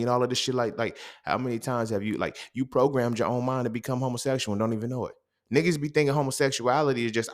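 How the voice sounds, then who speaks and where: A man with a medium-pitched voice talks fast in a casual, profane monologue. The podcast host is blunt and streetwise, firing off one rhetorical question after another.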